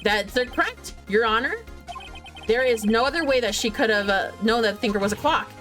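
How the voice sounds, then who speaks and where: A woman's voice: fairly high pitch, a little fast, fairly bright tone, faint music behind, natural voice. A woman voicing an earnest young male defense lawyer who presses witnesses with pointed questions. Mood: determined.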